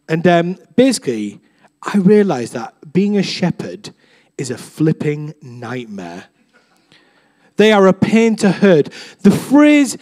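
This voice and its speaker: Man, young, relaxed sermon full of stories; high voice that swoops a lot. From England. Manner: chatty, self-deprecating, acts out quoted voices with big swings. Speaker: preacher. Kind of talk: casual sermon with storytelling.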